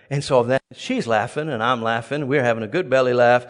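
A man preaching a sermon, telling a personal story with lively bursts of loud exclamation and laughter before a congregation. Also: mid-range voice, fairly quick. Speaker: pastor. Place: large church hall before a live congregation. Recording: long reverb of a large hall.

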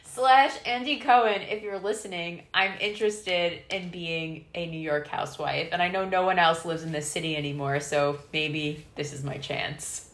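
A woman's voice: fairly low pitch, fairly even intonation, moderate pace, few pauses, a bit bright. A woman co-hosting a travel podcast in casual chat, dry and teasing. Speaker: podcast co-host. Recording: roomy echo.

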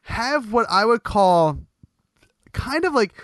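Man, podcast host, rambling, bright tone, dry close sound. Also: extremely high pitch, animated, takes it slowly, no room sound. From Bucks County, Pennsylvania. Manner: rambling, laughs often, many restarts. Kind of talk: casual chat.

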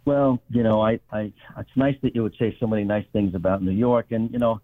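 A man telling stories in a wry, animated way as a guest, calling in from home, over a tinny phone line. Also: lowish voice, brisk, no room sound. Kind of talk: casual storytelling. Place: home in New York.

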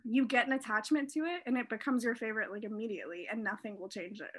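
A woman's voice: fairly high pitch, fast. A young adult woman co-hosting a casual podcast chat, rambling through tangents and filler words. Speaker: podcast co-host. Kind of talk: casual chat about musical theater.

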